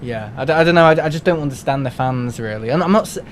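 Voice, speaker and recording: A man's voice: medium pitch, racing, a little hiss or hum. A man from England chatting casually and rambling on a live game stream from home, with lots of restarts and fillers.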